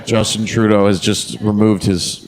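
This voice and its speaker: A man's voice: fairly low pitch, little pitch movement, normal speed, very noisy. A man doing a stand-up comedy set on a club stage, with brash, crude delivery.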